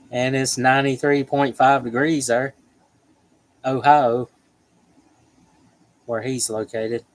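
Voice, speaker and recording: Reading viewer comments on his casual livestream, this host is chatty and jokey and laughs a lot. Still, his medium-pitched delivery is flat and slow with frequent pauses, captured on a rough recording.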